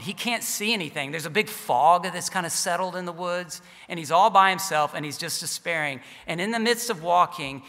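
A man's voice: fairly high pitch, sharp tone. A man preaching a sermon, telling a story earnestly, his volume rising and falling. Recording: long reverb of a large hall.

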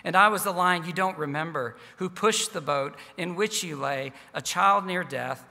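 A man voicing a hushed, gentle great lion. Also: on the high side, normal speed, creaky, long reverb tail, full character voice. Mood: gentle, solemn. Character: vast unseen lion, calm and tender.

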